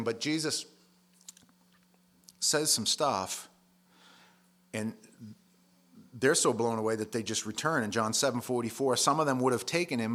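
A man's voice: medium pitch, a bit bright. A man preaching a sermon in a conversational, plain-spoken way, leaning hard on key words.

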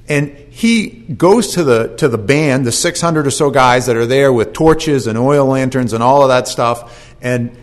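Folksy storytelling male preacher. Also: mid-range voice. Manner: folksy, animated storytelling with asides. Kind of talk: sermon.

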